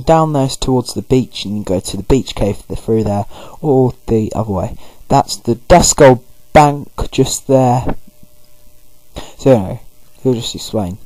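A man's voice: medium pitch, dark tone, no echo, rough recording. Rambling male let's-play narrator. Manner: rambling, loose, full of fillers. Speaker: gaming video host. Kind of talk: casual let's-play commentary.

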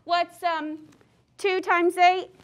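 A woman's voice: extremely high pitch, little pitch movement, very slow, full character voice. A woman voicing a brash, blustering female warthog in a storybook read-aloud. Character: snorting, boastful female warthog.

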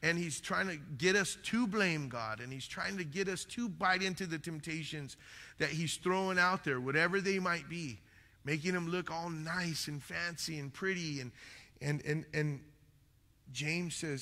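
Male pastor, earnest and repetitive preaching, bright voice in a reverberant hall. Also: on the high side, unhurried. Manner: earnest, repeats phrases, says "man" often. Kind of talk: sermon. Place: church hall. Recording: long church reverb.

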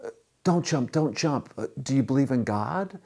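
A man's voice: a little fast, gravelly. A man voicing an eager, frantic stranger who pleads with someone on a bridge not to jump. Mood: pleading. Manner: pleading, excitable, high-pitched.

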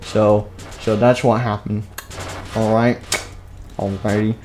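A man's voice: medium pitch, steady tone, normal speed, mellow, a little hiss or hum. Man, streamer, goofy rambling narration, faint typing behind. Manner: rambling, goofy, with fillers and sound effects. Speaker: live streamer. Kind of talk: improvised game story narration.

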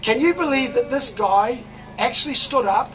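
A man with a New Zealand accent giving a fiery, preachy speech at an outdoor protest, shouting slogans. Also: very high-pitched, animated, moderate pace. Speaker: rally speaker. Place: outdoors at a city demonstration. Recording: crowd and traffic noise outdoors.

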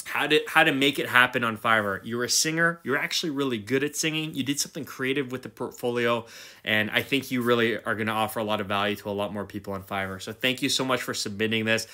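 A man's voice: mid-range voice, fast talker, sharp tone. A male host giving casual, enthusiastic commentary while reviewing. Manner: enthusiastic, chatty, reads text aloud.

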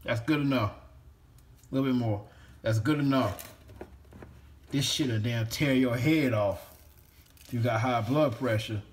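A man's voice: mid-range voice, a little slow, pauses often. A man in a casual cooking vlog, cursing freely and rambling while he talks to a toy. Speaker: home cook vlogger.

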